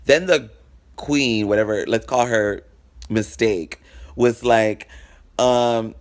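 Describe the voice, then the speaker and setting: Slow-paced and mid-range in voice, a man relays a personal story on his vlog as casual storytelling. It's frank, profane and dramatic, and he acts out the exchanges between people.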